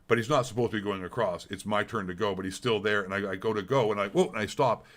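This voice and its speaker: Fast and fairly bright, with a pitch on the low side, a middle-aged man vents on a stream. The Canadian's monologue is blunt and heated, packed with profanity, and he keeps repeating himself.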